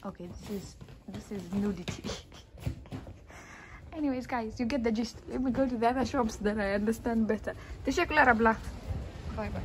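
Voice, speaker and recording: A woman's voice: a little high, fast talker. Chatty woman vlogging on a noisy street. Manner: chatty, many "like" fillers. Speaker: vlogger showing shops. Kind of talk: casual walking vlog. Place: busy outdoor street market. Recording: phone vlog with loud street noise. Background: street ambience and traffic.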